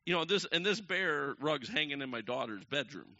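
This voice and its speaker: Very bright-voiced man telling a story. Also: a little fast, hardly any pauses, dry recording. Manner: animated, acts out the quoted people with big jumps in pitch and loudness. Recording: dull lo-fi recording.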